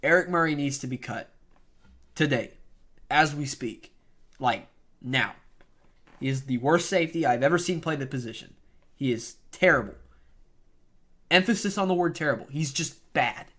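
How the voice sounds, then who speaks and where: A young man with a fairly high-pitched voice delivers an unscripted sports rant. He talks in an opinionated, heated way, stacking up complaints and bold claims. It sounds like a casual fan vlog, not a polished broadcast. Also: moderate pace, pauses often. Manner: opinionated, animated, ranting.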